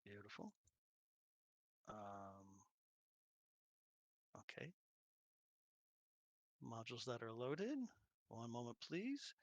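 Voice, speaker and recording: A man's voice: medium pitch, sing-song, extremely slow, long pauses, no echo. A man running a tabletop game, chatting casually and muttering to himself while fiddling with settings. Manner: muttering to himself, jokey and distracted. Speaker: game master.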